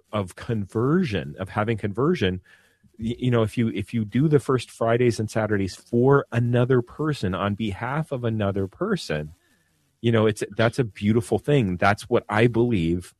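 A man's voice: on the low side, darkish tone, dry recording. A man, a Catholic priest, speaking earnestly and in a preacherly way on a radio show, often repeating words as he goes. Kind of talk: radio talk on devotion. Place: radio studio.

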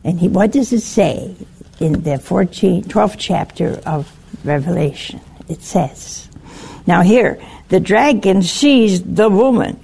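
A woman preaching a sermon in a slow, emphatic way, her voice rising on exclamations. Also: fairly low pitch, creaky, dark tone, slightly rough.

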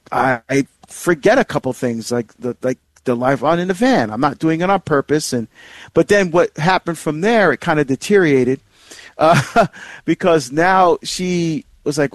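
A middle-aged man with a somewhat high voice, heard in a dry, close recording with no room sound. He hosts a marriage series and tells a personal story in a loose, rambling way. His talk is full of fillers and restarts, and his pitch leaps up sharply when he stresses a point. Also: dry recording.

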